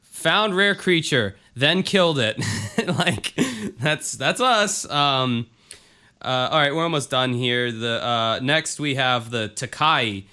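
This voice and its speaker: A man's voice: mid-range voice, lively intonation, slow, bright, forceful tone. A man co-hosting a casual talk show, rambling and joking with lots of fillers and restarts. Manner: laid-back, jokey, swears casually. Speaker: podcast co-host. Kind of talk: casual chat.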